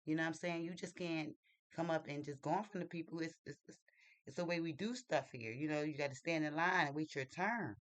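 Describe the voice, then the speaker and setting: An animated vlogger spinning a casual story, full of slang and quick restarts. The voice sounds bright and forceful, and the pitch sits in the middle. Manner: animated, slangy, repeats and restarts, laughs while telling.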